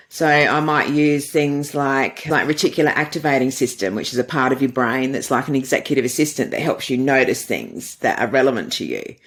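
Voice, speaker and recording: A middle-aged woman with a bass voice appears as a podcast guest, speaking as a dating coach. She answers interview questions through earnest, flowing storytelling.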